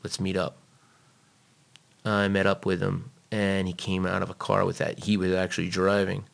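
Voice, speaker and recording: A man being interviewed, telling a personal story in a blunt, profane, animated way. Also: sits low, fairly quick, creaky.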